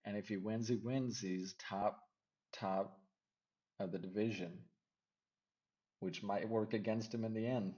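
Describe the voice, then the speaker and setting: Low-voiced man rambling through fight picks. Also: fairly even intonation, a little slow, pauses often, highs cut off. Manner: rambling, second-guesses himself out loud. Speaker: MMA fight picks vlogger. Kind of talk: casual fight predictions.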